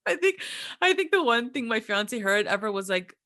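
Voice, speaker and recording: A woman's voice: on the high side, very animated, moderate pace, fairly bright tone. A woman casually discussing a TV episode with her co-host, chatty and opinionated, full of "like" fillers. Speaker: podcast co-host. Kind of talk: casual TV recap chat.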